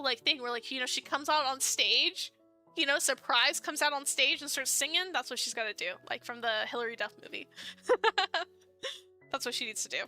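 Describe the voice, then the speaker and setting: Young woman streamer, chatty, giggly, high bright voice, faint game music behind. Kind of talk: reading a dating game aloud on stream.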